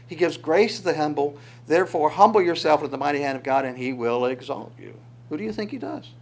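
A man with a fairly high pitch preaches fast, going through the Psalms verse by verse. His animated sermon features rhetorical questions, occasional chuckles, and God's words spoken as quotes.

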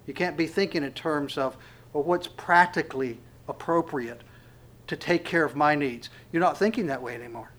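A pastor preaches a sermon earnestly, his voice on the high side. He slows down to stress key words, swells into emphatic calls, then drops to a hush.

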